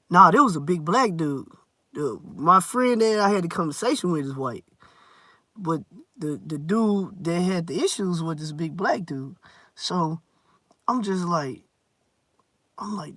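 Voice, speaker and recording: A man telling a story in a loose, rambling vlog style, often repeating words and clearing his throat. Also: sits high, animated, measured pace, sharp tone, dry recording.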